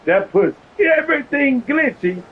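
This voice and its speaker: A man's voice: very high-pitched, animated, unhurried, narrow, tinny audio. A man streaming a video game, arguing heatedly with an opponent over voice chat and repeating himself to cut in. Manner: agitated, keeps repeating "hold on".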